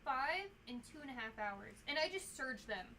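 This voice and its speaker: A woman's voice: high-pitched, expressive, normal speed, bright, forceful tone, slight background noise. A woman chatting as a guest crafter, giving short, matter-of-fact answers. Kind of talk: casual chat.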